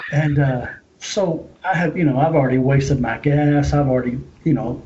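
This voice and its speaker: A man's voice: mid-range voice, warm tone. A man from Louisville, Kentucky, a podcast guest, telling funny, rambling stories and acting out the voices of the people in them. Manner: humorous, rambling, acts out quoted voices. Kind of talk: casual chat, storytelling. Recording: slightly muffled, faint hiss.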